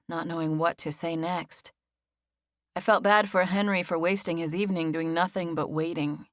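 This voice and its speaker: A woman reading a first-person novel as an audiobook narrator, with measured, even storytelling. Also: on the low side, dry recording, clean studio sound.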